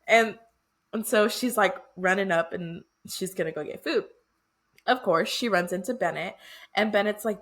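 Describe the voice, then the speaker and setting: A woman co-hosts a casual book podcast. She retells the plot in an animated way, acting out the characters' lines and laughing along. Her voice sits at an ordinary middle pitch. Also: unhurried, long pauses. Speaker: podcast co-host.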